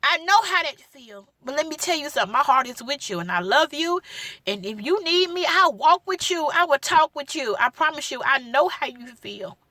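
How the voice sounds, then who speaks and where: A woman's voice: high voice, animated, normal speed, sharp tone, no echo, studio quality. A young woman, a gospel singer, giving an emotional personal testimony, pleading and repeating her words for emphasis, at times tearful. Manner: pleading, repeats phrases for emphasis, Southern Black church cadence.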